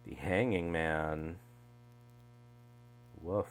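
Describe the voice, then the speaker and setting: Chatty wry man with a low voice. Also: extremely slow. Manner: chatty, wry asides, trails off mid-thought. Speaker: tarot deck reviewer. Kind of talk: casual unboxing chat. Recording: mains hum underneath.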